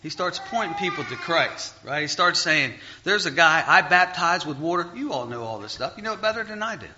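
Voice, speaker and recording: A man's voice: on the high side, animated, a little fast, lo-fi sound, background noise. A man preaching a sermon, telling a personal story and asking the congregation rhetorical questions.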